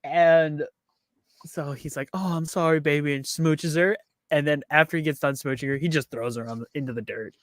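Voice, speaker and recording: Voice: mid-range voice, steady tone, a bit bright, no room sound, studio quality. A podcast co-host casually retelling a movie's plot scene by scene, laughing along the way. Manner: retells scenes with quick acted quotes, laughs often. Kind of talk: casual movie recap chat.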